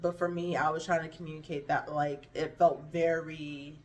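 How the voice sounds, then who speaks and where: A woman's voice: low voice, little pitch movement, moderate pace, distant mic. A woman speaking candidly to camera, her thoughts meandering and often trailing off before she restarts them. Her speech is a little slurred from hunger, with frequent swearing, and she sits somewhat back from the microphone. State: hungry, slurring words a little. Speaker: vlogger. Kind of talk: candid personal storytelling to camera.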